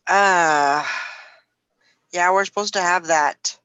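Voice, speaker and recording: A woman's voice: on the low side, slow pace, a bit bright, clear, resonant tone, no echo, low-quality recording. A woman hosting a casual morning chat show, chatty and laughing often. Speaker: show host.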